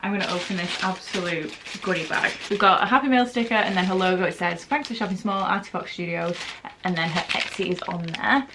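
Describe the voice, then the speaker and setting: A young woman from England chatting to camera in a casual vlog at home, emotional and quick to laugh. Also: lowish voice, background noise. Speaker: vlogger and market organiser. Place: home, indoors.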